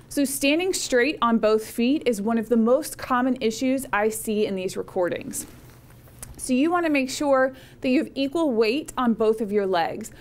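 A woman teaching a college public speaking course in a recorded lecture, conversational and encouraging, often checking in with "right?". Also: fairly high pitch. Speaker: college speech instructor.

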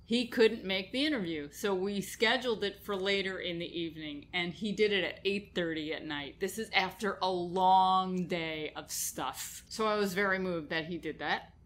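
A woman's voice: on the low side, moderate pace, hardly any pauses, fairly bright tone. A woman with a New York accent, hosting a radio food show in casual chat, talking about a recipe and laughing easily. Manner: chatty, laughs easily, lists ingredients. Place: radio studio.

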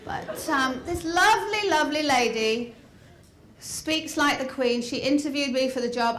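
English woman in her fifties, high voice; lively, funny motivational speaker quizzing her audience, in a roomy hall. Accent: softened English accent. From north of England. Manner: lively, humorous, asks the audience questions. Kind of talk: motivational storytelling talk. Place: large hall before an audience. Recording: roomy hall with faint crowd ambience.

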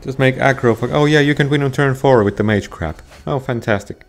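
A man playing a card game online, grumbling and swearing at it, at times yelling in frustration. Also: medium pitch, fairly quick. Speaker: gamer streaming a card game. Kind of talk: angry gameplay commentary.

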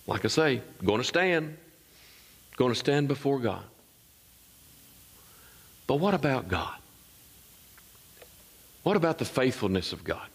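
A man preaching from the pulpit as pastor. His voice leaps up in fervent emphasis, then sinks low and hushed. He throws questions to the congregation as he goes. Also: husky. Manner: preaching with wide swings, rising high in emphasis and dropping low and soft; call-and-response asides to the congregation. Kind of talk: sermon.

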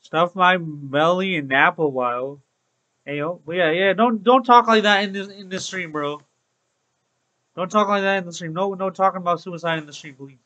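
Speaking fairly quickly in a high-sitting voice that sounds pushed and bright, a young gamer gives casual Let's Play commentary to his live chat. He's upbeat, keeps saying things like "bro," and the recording quality is low.

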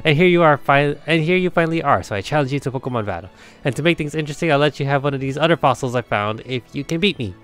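A man's voice: fairly high pitch, expressive, a bit bright, clear, resonant tone, soft background music. A man voicing a proud, boastful young male rival trainer who is a sore loser. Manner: rushed, boastful.

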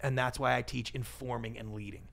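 A man being interviewed on a podcast, an animated storyteller who acts out the voices of the people he quotes. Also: medium pitch, a little fast, gravelly. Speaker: guest, pitch expert and TV producer.

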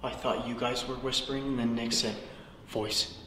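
A man hosting a ghost-hunting vlog, speaking in a hushed, low voice to spirits inside a large old building. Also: steady tone, moderate pace. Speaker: paranormal investigator host. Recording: echoey hall with faint noise.

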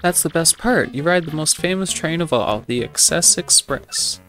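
A man reading the lines of an elderly, fussy male professor from a video game in a brisk, formal way, close to his own voice. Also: a little high, lively intonation, a bit bright, soft background music, pitched above the performer's own voice. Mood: pleased.

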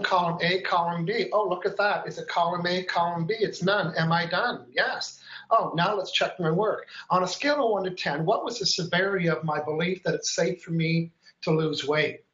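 A man's voice: sits high, fairly bright tone, roomy sound, muffled recording. A man hosting a live stream, chatty and upbeat, explaining each step and counting aloud as he demonstrates. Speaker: host.

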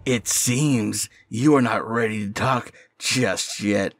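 Man doing a sneering captor, slow deliberate taunts, low voice, soft music underneath. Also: no echo. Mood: taunting. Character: slow, mocking male captor, cruel and condescending.

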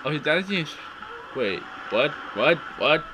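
A man playing a video game and commenting on it, yelling and exclaiming at what happens on screen. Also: on the high side, big pitch swings, slow, background noise. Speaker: let's play gamer. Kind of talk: excited gameplay commentary.

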